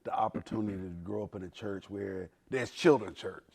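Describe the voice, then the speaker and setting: A man's voice: fairly low pitch, brisk, vocal fry, over a noisy crowd. A man in his forties, a pastor, telling stories in a podcast conversation with lots of laughter and acted-out voices. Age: 40s.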